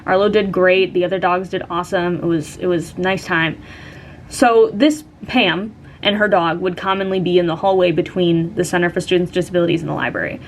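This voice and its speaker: A woman's voice: fairly low pitch, brisk, slight background noise. Chatty young woman telling a story. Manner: chatty, lots of "like" and "um". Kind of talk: casual storytime chat.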